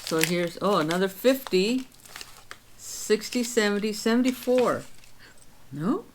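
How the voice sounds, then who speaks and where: A woman's voice: mid-range voice, animated, measured pace, slight background noise. Chatty woman in her sixties. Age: 60s. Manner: chatty, exclaims and laughs, counts aloud. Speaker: vlog host. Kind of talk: casual chat.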